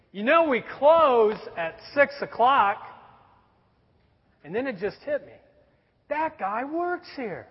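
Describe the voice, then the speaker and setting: A man's voice: high voice, slightly rough. A man in his forties, a pastor telling a story in a sermon with a conversational, wry humor. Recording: dull sound with long hall reverb.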